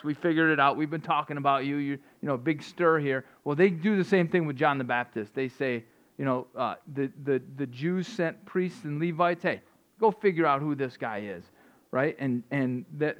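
A man preaching an informal sermon in a conversational way, often repeating and restarting words. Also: on the high side. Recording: dull lo-fi sound.

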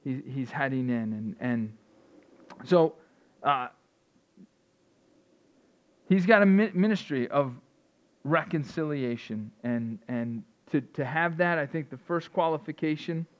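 A man's voice: mid-range voice, expressive, slow, long pauses. A man preaching an informal sermon in a conversational way, often repeating and restarting words. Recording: dull lo-fi sound.

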